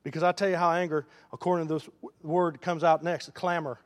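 A man preaching a sermon in a folksy manner, building to loud, emphatic runs. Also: a little high, level tone, brisk. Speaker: pastor. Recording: long hall reverb.

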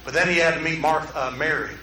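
A middle-aged man preaches a sermon, dropping to near-hushed stretches and then rising sharply. His voice sits high and bright. It is picked up from a distance in a reverberant room. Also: fast, a little hiss or hum. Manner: preaching with big swings from quiet to loud. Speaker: pastor. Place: room with an audience.

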